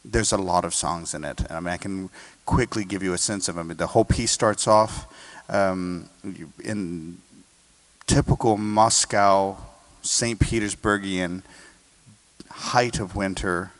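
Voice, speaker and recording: A man's voice: deep voice, measured pace. An American man, a guest conductor, explaining a symphony in an interview and singing snippets of melody to make his points. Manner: sings and hums melodies to illustrate points.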